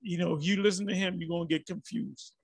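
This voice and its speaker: A man with a raspy, gravelly, somewhat high voice delivers loose, casual commentary. He rambles, restarts sentences and sounds exasperated. The sound is dry and close. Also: fairly even intonation, fast, no room sound. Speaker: religious commentary vlogger.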